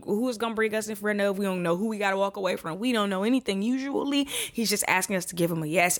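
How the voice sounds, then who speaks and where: Heartfelt woman podcast host. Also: mid-range voice. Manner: casual and heartfelt, talks straight to listeners as "y'all"; emotional, often near tears. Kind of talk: faith encouragement podcast talk.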